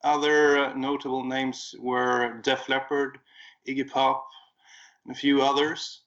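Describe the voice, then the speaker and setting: A man's voice: medium pitch, little pitch movement, a little slow, fairly bright tone. A man chatting casually as a regular podcast guest, telling a story in an easygoing way with frequent fillers. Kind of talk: casual chat. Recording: dull lo-fi remote audio.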